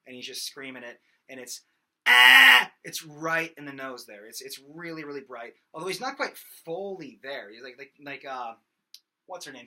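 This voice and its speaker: A young man teaching singing in a loose, rambling way, full of fillers. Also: mid-range voice. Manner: rambling, many fillers, breaks into loud sung demos. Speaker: vocal instructor. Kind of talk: casual singing lesson.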